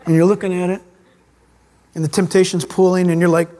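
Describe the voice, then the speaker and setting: High-voiced animated preaching man, church reverb. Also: brisk. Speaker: pastor. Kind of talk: sermon. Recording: long hall reverb.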